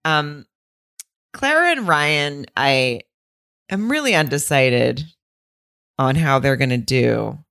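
Young woman, low voice, cohosting a chatty podcast, swears a lot. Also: animated, slow, creaky, pauses often, a bit bright. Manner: frank, swearing, acts out people in voices. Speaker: podcast co-host. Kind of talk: casual podcast chat.

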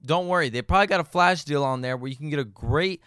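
A man's voice: on the high side, fast, a bit bright, smooth, no room sound, clean studio sound. A young man hosting a casual game among friends and reading an ad, laughing often. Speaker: game show host. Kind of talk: casual group banter and ad read.

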